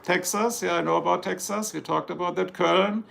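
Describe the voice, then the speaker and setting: A man's voice: high-pitched, steady tone, normal speed, gravelly, a bit bright. A man from Germany with a German accent, chatting casually on a livestream and greeting viewers. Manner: switches between German and English, reads out viewer locations. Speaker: livestream host. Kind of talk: casual live chat with viewers.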